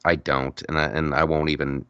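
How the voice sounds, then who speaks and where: A man hosting a podcast in casual chat, telling stories in a rambling, animated way with frequent restarts. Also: a bass voice, brisk, clean tone, no echo, highs cut off. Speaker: podcast host.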